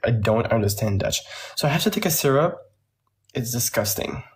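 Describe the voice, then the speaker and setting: A man's voice: medium pitch, lively intonation, normal speed, slight background noise. A young man from Belgium with a Flemish accent, a native Flemish speaker, chatting casually on a phone livestream and answering viewer questions with rambling, cursing and laughter.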